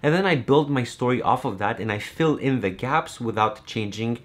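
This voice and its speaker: A man's voice: medium pitch, animated, moderate pace. A young man from Romania, a YouTube creator talking casually to his viewers in a chatty, rambling way with lots of fillers. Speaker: YouTube creator and game master. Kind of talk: casual vlog talk to viewers.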